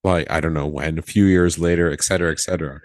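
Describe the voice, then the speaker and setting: A man's voice: rumbling low, fast, no echo. A man, a former flight attendant, casually telling a story on a podcast, acting out the dialogue and laughing often. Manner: animated, acts out quoted dialogue, laughs often.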